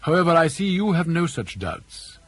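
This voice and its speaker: A man's voice: fairly high pitch, big pitch swings, breathy edge, no echo, voice pushed up. A man voicing an elderly English father who is dry, mischievous and mock-courteous, with an arch, ironic manner. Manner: arch, ironic, drawn-out emphasis.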